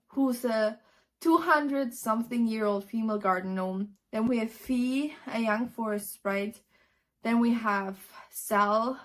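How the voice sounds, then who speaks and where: Woman, book vlogger, casual summary, chatty, animated, lots of fillers, slightly high voice.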